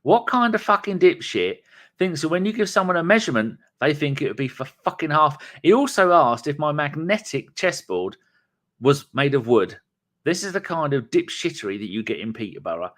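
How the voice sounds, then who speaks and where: A man's voice: fairly high pitch, sing-song, normal speed, fairly bright tone. Sweary podcast storyteller, man. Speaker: podcast co-host.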